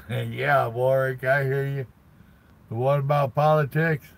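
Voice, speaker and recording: A man's voice: medium pitch, creaky, rough recording. An older man, chatting casually on a live stream from his parked truck cab and greeting viewers by name in a folksy drawl.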